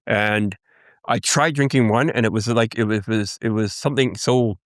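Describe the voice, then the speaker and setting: A man from Canada, a Cree guest, earnestly recounting his life in a halting interview testimony. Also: on the low side, steady tone, no room sound, clean studio sound. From Canada, First Nations Cree. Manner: earnest, halting storytelling with restarts.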